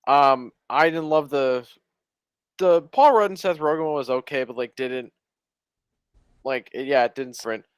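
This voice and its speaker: A man's voice: on the high side, unhurried, long pauses, clean tone, dry recording. A young man co-hosting a sports podcast, blunt and opinionated in casual chat. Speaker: podcast co-host.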